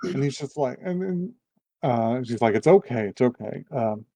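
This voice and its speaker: A man's voice: mid-range voice, lively intonation, normal speed, mellow, no echo. Rambling man retelling a plot, dry sound. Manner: rambling retelling with put-on quotes, many fillers and laughs. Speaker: podcast co-host. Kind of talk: casual chat recapping an anime.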